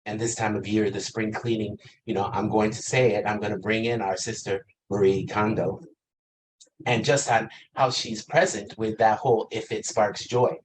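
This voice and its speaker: Man, 50s, pastor, low pitch, reflective sermon, questioning tone, faint background hiss. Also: steady tone, normal speed, poor audio. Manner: reflective, asks questions, laughs lightly.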